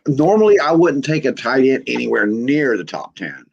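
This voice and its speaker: A man joining a podcast as a guest, talking football in a halting, plainspoken way. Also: medium pitch, sing-song, vocal fry, dull audio. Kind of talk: casual football talk.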